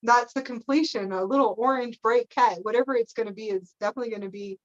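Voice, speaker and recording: A woman's voice: fairly high pitch, fast talker, dull audio. A woman leading a live spiritual teaching session, meandering through her points, often checking in with "okay?" and breaking into playful laughter.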